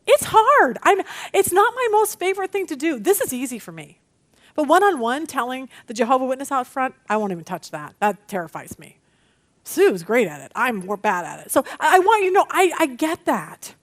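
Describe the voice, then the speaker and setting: A middle-aged woman teaching a women's Bible study, chatty and animated, telling stories against herself. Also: sits high, normal speed. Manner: animated, chatty, self-deprecating storytelling.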